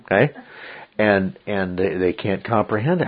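A man's voice: sits low, lively intonation, normal speed, husky. A man teaching a Bible study, emphatic and checking in with frequent "okay?"s. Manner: emphatic, repeats "okay?" often. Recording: dull lo-fi recording.

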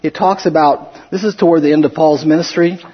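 A man's voice: fairly high pitch, steady tone, a little fast, slightly rough, highs cut off. A man teaching a casual Bible study, talking conversationally with frequent restarts and chuckling asides.

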